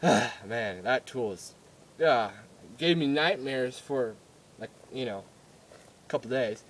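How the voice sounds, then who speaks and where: A man's voice: mid-range voice, slow pace, a little hiss or hum. A young man telling a story in a casual vlog, rambling and giggly, with many fillers and restarts. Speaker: vlogger.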